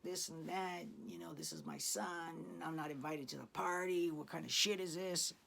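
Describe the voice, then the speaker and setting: An enraged father shouts and curses at the guards at a family party, as a man puts him on in the middle of a story. The voice is pushed up higher and hurled out hard, rough with profanity. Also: expressive, normal speed, a little hiss or hum, exaggerated voice. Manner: shouting, cursing. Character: angry drunk father yelling at guards.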